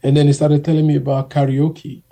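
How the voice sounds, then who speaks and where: A young man telling stories in a casual, animated way as a guest, acting out the people he quotes. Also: fairly high pitch, brisk. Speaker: guest singer. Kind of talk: casual storytelling.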